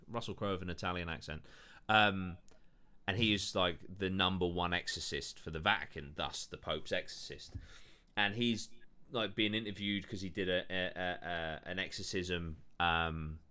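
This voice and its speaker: A man's voice: deep voice, pushed and bright. A man hosting a podcast, telling stories in loose casual chat, full of fillers and swearing. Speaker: podcast host.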